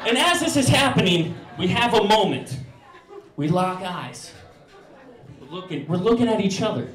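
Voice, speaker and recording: A young man tells a stand-up story in an animated, profane way, slipping into voices for the people in it. His voice sits very high for a man. He sounds set back from the mic, with an echoey club room around him. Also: moderate pace, distant mic, some chatter behind. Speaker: stand-up comedian.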